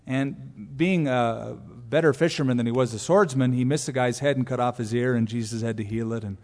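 A man preaching a sermon, animated, acting out quotes with asides to the congregation. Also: medium pitch, brisk. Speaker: pastor. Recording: long reverb of a church hall.

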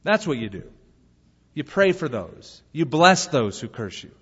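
A male pastor preaching a sermon in a lively way, acting out bits of dialogue between points. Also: a little high, measured pace, breathy edge. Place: church sanctuary. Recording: muffled live recording in a reverberant hall.

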